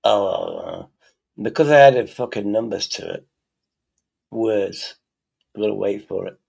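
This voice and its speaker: A man's voice: fairly low pitch, a little slow, creaky, a little mellow. A man streaming live, chatting casually and thinking aloud while he works, swearing freely.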